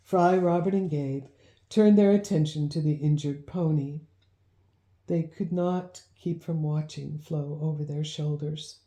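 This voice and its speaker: A woman narrating a children's storybook in a measured, gently expressive reading. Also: deep voice. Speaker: audiobook narrator. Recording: roomy echo.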